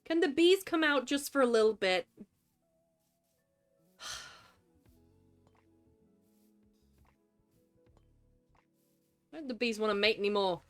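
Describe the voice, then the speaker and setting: A woman hosting a live gameplay stream, her pitch rising and falling all over the place. She keeps up a friendly running chat, greeting and thanking viewers and coaxing things in the game. Soft music plays faintly behind her. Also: lively intonation, extremely slow, pauses often.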